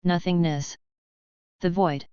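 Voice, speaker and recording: Cold contemptuous male dark lord, read by a woman, low voice, muffled sound. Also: steady tone, slow, clean tone, dry recording. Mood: menacing.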